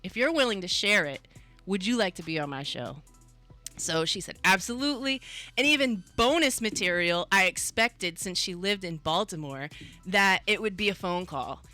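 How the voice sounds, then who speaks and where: A woman hosting a casual radio talk show about mental health, chatty and quick to laugh. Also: medium pitch, expressive, bright, forceful tone, faint music behind.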